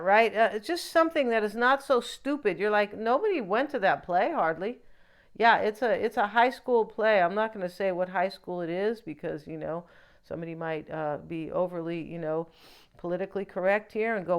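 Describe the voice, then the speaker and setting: A woman's voice: medium pitch, lively intonation, normal speed. A woman giving a casual tarot reading, rambling and opinionated, with frequent asides. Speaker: tarot reader.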